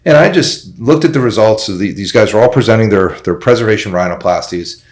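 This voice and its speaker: A man's voice: fairly low pitch, a little fast. A middle-aged man, a plastic surgeon guest, talking bluntly and with feeling in a casual podcast conversation. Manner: blunt, animated, opinionated.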